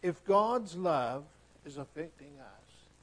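A man preaching a sermon with emphatic delivery that swings between hushed, soft phrases and loud, stressed ones. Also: on the high side, expressive, takes it slowly, poor audio.

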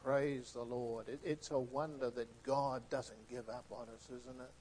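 A man preaching a sermon with emphatic delivery that swings between hushed, soft phrases and loud, stressed ones. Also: medium pitch, steady tone, measured pace, a little hiss or hum, rough recording.

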